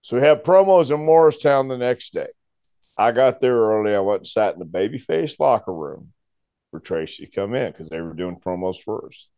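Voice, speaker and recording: A man, a former wrestler, telling a story in a casual chat, animated and laughing often as he acts out the voices. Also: fairly low pitch, normal speed, smooth, no room sound.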